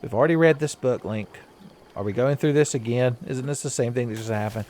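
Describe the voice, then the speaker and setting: A man's voice: mid-range voice, fairly quick, darkish tone, a little hiss or hum. A man giving casual, rambling gameplay commentary as a let's play host, joking and laughing often.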